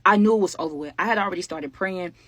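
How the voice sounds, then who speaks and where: A young woman, telling a storytime vlog to her viewers in a casual, animated, slangy way. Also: fairly low pitch, fast talker, a little hiss or hum. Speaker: storytime creator.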